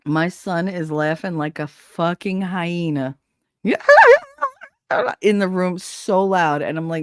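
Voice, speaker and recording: Unhurried, laughing woman streamer. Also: fairly low pitch, steady tone, darkish tone, clean tone, no echo, clean studio sound. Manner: laughing, profane storytelling. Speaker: streamer host. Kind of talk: casual live-stream chat.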